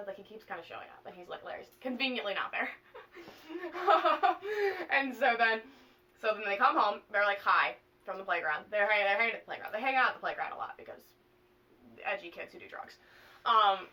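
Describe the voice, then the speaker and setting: A young woman vlogger casually retelling a plot to a friend, animated and full of swearing and fillers. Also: on the high side, far from the mic, low-quality recording.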